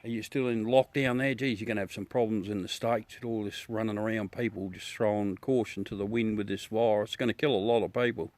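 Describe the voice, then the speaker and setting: A man's voice: on the low side, steady tone, a little fast, few pauses, a little mellow, no echo. An Australian man hosting a livestream, chatting casually with viewers in a blunt, ranty way and swearing freely. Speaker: livestream host. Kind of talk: casual chat with live viewers.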